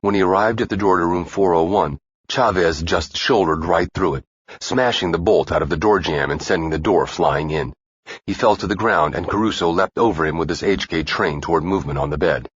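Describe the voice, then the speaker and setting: Deep husky male thriller narrator. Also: brisk, no echo. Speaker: audiobook narrator. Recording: dull dry lo-fi recording.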